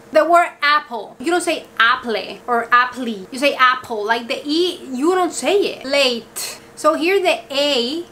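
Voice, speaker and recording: A high-pitched woman with a Spanish accent, a native Spanish speaker talking straight to her viewers. She rants in an emphatic, exasperated way, constantly checking that they follow her. A faint hiss sits under her voice. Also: pushed and bright. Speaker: vlogger. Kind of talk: casual talking-to-camera rant.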